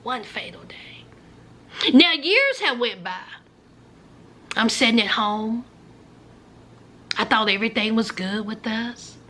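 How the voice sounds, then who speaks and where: A woman's voice: fairly high pitch, expressive, slow pace, pauses often, sharp tone. Dramatic woman telling a story. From rural Virginia. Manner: dramatic storyteller addressing viewers as friends, drops to whispers. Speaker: vlogger. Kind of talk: storytime vlog.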